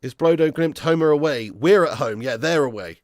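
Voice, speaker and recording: A man's voice: fairly high pitch, normal speed, a little mellow, no room sound, clean studio sound. Chatty man reading live chat. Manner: casual, banter, laughs often, calls viewers lad and mate. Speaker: football fan channel host. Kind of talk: live stream chat reading viewer comments.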